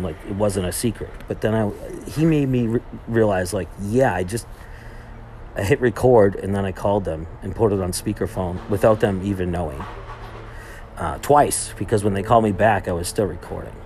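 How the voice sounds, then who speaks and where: A young man with a low-pitched voice chats through his podcast in a loose, meandering way. He restarts his sentences often and leans on fillers as he goes. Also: darkish tone, slight background noise. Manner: rambling, heavy on fillers and restarts. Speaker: podcast host. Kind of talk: casual monologue, retelling a trip.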